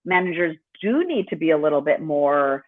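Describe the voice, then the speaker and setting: A woman hosts a casual podcast interview, her voice sitting a little low. She comes through a narrow, tinny phone-like line with a dry sound, and she asks long, winding questions with plenty of fillers. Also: expressive, normal speed, no room sound. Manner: rambling questions with many fillers. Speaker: podcast host.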